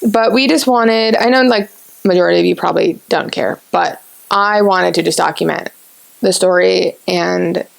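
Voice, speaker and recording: A woman's voice: lowish voice, moderate pace, vocal fry. A woman in her twenties hosting a podcast, telling a story at length in casual chat. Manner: talkative, rambling storyteller. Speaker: podcast host.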